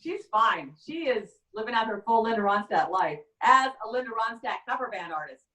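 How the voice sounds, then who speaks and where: Deadpan woman comic in an echoey room. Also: fairly high pitch. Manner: rambling, halting deadpan delivery. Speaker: stand-up comedian. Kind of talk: stand-up comedy set. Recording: echoey room, far from the mic.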